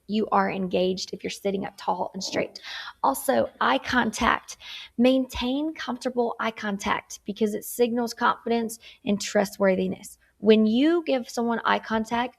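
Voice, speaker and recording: Woman instructor with a gravelly edge, chatty, keeps asking "okay?" while she teaches a lesson. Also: fairly high pitch. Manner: acts out tone examples. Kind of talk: recorded workplace skills lesson.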